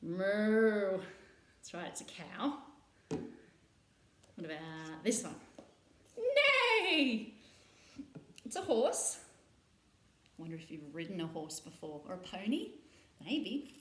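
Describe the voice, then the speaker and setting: A woman's voice: sits low, sing-song, a little slow, long pauses, a little mellow. A woman hosting a children's playtime session, leading stretches and farm animal sounds in a playful, sing-song way. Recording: roomy echo.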